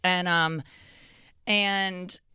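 A woman's voice: fairly low pitch, drawn-out words, slight background noise. A young woman from St. Louis telling a story in a casual, chatty podcast conversation, full of fillers. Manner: animated, chatty, lots of fillers and laughs.

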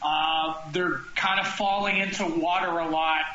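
A man's voice: fairly high pitch, steady tone, pushed and bright, reverberant, muffled recording. A man hosting a podcast in casual chat, rambling and restarting his sentences often. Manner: rambling, halting with many restarts. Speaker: podcast host.

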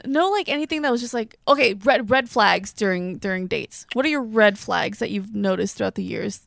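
A woman's voice: mid-range voice, animated, a little fast, gravelly, dry recording, clean studio sound. A woman in casual group chat, brash and laughing, asking questions.

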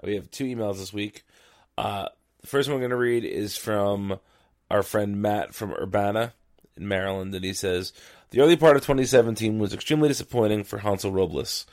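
A man's voice: fairly low pitch, brisk, darkish tone. A man co-hosting a sports podcast, chatting casually with a wry, tired manner and reading out listener email. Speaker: podcast co-host.

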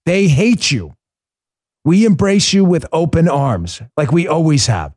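A middle-aged man doing political commentary as a podcast host, his voice sitting a little high for a man. He hammers away with sarcasm and repeated rhetorical questions. The sound is close and dry, with no room around it. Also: big pitch swings, moderate pace, no room sound.

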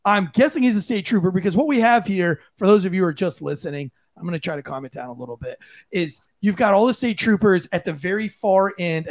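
A man and former police officer giving blunt, profane, impassioned commentary on a podcast. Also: high voice. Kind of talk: heated opinion commentary.

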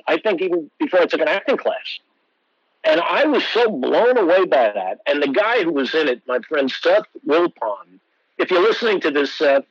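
A man in his sixties recalls his career as an interview guest, slipping into the voices of the people he quotes. His pitch swings widely as he tells a story, sitting a little high for a man. The sound is dry and somewhat dull. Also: no room sound. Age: 60s. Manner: animated anecdotes, acts out quoted voices. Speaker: actor guest.

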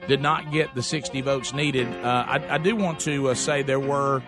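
A man hosting a call-in talk radio show, talking quickly with frequent fillers and restarts. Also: mid-range voice, steady tone, over music. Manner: quick, halting, lots of fillers.

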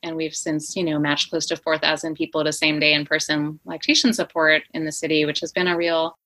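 A middle-aged woman speaks as an interview guest, eager and quick, full of restarts. Her voice sits a little low but rings bright and forceful. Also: flat delivery, poor audio. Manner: enthusiastic, quick, fillers and restarts. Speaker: guest, company founder. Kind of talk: conversational interview.

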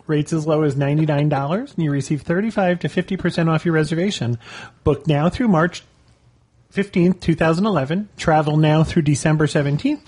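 Man, fairly high, husky voice, dry wit, casual podcast. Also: a little mellow. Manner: dry, wisecracking. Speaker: podcast co-host. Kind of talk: casual chat.

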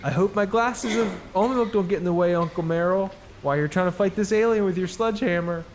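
A man's voice: high-pitched, quick pace, pitched above the performer's own voice, natural voice. A man voicing a meek, earnest little girl with a mock-innocent, overly polite manner. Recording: noisy background.

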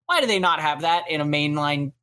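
A man's voice: fairly high pitch, expressive, a little fast, bright, forceful tone. Casual male podcast co-host, rambling and chatty. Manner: rambling, filler-heavy. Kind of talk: casual chat.

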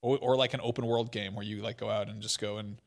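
A man's voice: lowish voice, steady tone, fast, gravelly. A man chatting casually on a game podcast, rambling and jokey, trailing off into asides. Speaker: podcast panelist. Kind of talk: casual chat.

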